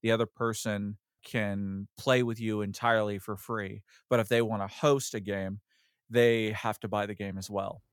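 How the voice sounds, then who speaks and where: A man's voice: lowish voice, no room sound, clean studio sound. A man co-hosting a podcast, chatting casually and joking with many fillers. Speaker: podcast co-host. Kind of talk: casual chat.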